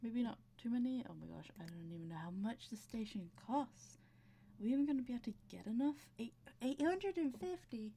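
Chatty woman with a gravelly, mellow voice. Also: on the high side, expressive, brisk. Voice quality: audible breathing. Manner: chatty, talks to her game characters, laughs often. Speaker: gameplay commentator. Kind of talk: casual gameplay commentary.

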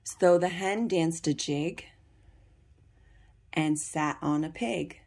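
A woman reading a children's picture book aloud for young readers, in a deliberate, carefully paced storybook manner. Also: low voice, a little mellow, slightly rough.

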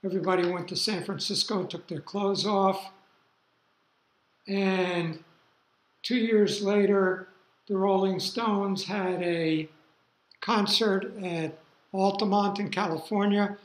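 Older man, lecturer, unhurried rambling talk, high-ish voice, roomy hall. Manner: rambling, relaxed asides with fillers. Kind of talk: university lecture.

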